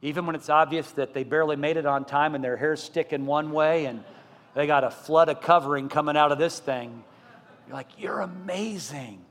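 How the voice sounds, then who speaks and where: A fairly high-voiced middle-aged male pastor delivering a sermon in a big church sanctuary, his words trailing off into a long reverb. He rises to loud, emphatic repetition and keeps asking the congregation rhetorical questions. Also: fairly even intonation, a little fast.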